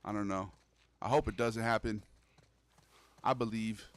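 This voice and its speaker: A man's voice: fairly low pitch, steady tone, a little slow, dry recording. A young man streaming a horror game, chatting casually and loosely with his viewers, full of slang. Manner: loose, slangy, calls the audience "bro". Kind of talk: casual gaming livestream chat.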